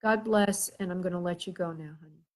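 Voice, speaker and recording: A woman hosting a show as a spirit medium, giving a live reading in a gentle, soothing way and often checking that the caller understands. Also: on the low side, fairly quick. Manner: hesitant, with frequent filler sounds and restarts.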